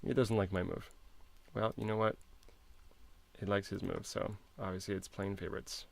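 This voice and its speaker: A man's voice: on the low side, steady tone, moderate pace, creaky. A man casually walking through a chess game as an instructor, chatty and self-interrupting, posing puzzles to the viewer. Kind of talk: casual chess lesson walkthrough.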